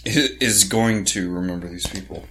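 A man's voice: sits low, normal speed, pushed and bright, a little hiss or hum. A man co-hosting a casual sports podcast, rambling and swearing as he reads names off a list. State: has the hiccups. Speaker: podcast co-host.

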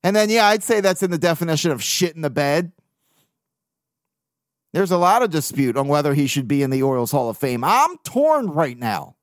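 A man hosts a casual sports podcast, venting in blunt, profane bursts. His voice sits a bit high for a man. The sound is dry and close, with no room around it. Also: very animated, normal speed, dry recording. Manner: blunt, profane, venting, with mocking put-on quotes. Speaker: podcast host.

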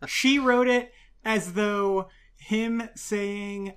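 A woman's voice: medium pitch, a little slow, a bit bright. A woman hosting a podcast, chatting in a playful, explaining way. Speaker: podcast host. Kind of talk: casual podcast chat.

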